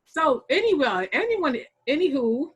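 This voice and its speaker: A woman's voice: sits high, sing-song, a little slow, rough recording. A woman hosting an online gardening workshop, chatty and enthusiastic, often laughing as she asks questions. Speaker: workshop host. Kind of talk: casual online workshop moderating.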